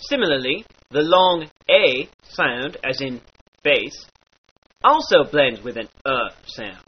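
Husky man, dialect teacher, slow with a lively pitch, mock-archaic phrasing, lo-fi recording. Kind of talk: instructional lesson with example phrases. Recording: dull lo-fi recording.

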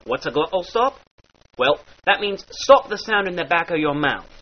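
A man teaching the sounds of an old-style dialect, with slow demonstrations and mock-archaic phrasing. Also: on the high side, big pitch swings. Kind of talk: instructional lesson with example phrases. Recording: dull lo-fi recording.

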